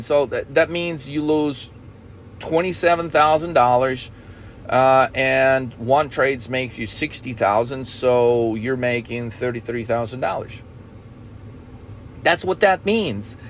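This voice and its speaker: A man's voice: a little high, a little hiss or hum. A man coaching traders in a blunt, profane talk, often checking in with "okay?". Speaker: trading coach.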